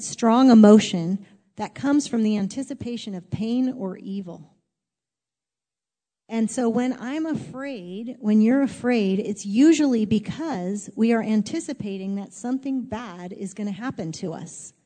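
A woman's voice: on the high side, unhurried, mellow, in a large hall. A woman preaching a sermon in an earnest, conversational way, rising to emphatic exhortation.

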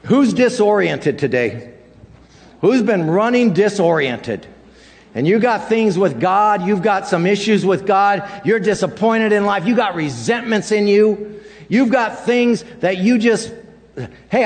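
A man preaches with animated energy, slipping into quoted dialogue as he speaks to his congregation. His voice sits a little higher than most men's. The recording carries a long hall reverb. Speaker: pastor. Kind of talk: sermon.

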